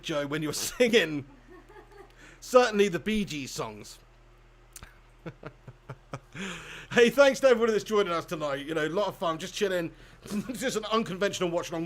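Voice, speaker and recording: A young man hosting a casual football watch-along stream, chatting and laughing as he reads comments and calls the chances. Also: sits high.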